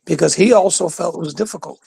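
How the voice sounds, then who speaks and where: A man guesting on a livestream chat, his voice pitched high for a man and heavily gravelly with fry. He talks in a measured, hesitant way, leaning on ums between thoughts. The delivery stays calm and deliberate.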